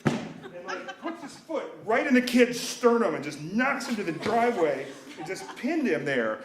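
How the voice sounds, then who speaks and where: A man's voice: high-pitched, sing-song, moderate pace, echoey room. A man in his thirties telling a personal story live, wry and self-mocking, acting out the voices of the people in it. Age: 30s.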